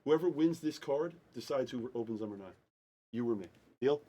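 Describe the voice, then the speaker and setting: A man hosting a live-streamed card break, excitable and talking over the others, repeating himself. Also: medium pitch, normal speed.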